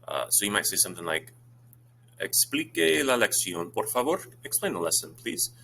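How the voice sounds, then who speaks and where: Guy teaching, really low voice but bright and punchy, quick and casual, faint hum behind. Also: big pitch swings. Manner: brisk, informal, many fillers, switches to Spanish for examples. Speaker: Spanish teacher. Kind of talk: explaining exam questions to students.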